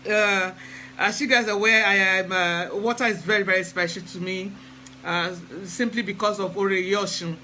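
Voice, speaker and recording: A man's voice: high voice, steady tone, normal speed, sharp tone, slight background noise, poor audio. A man hosting a casual live stream, chatting hesitantly with many fillers and greeting viewers by name. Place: lives in England.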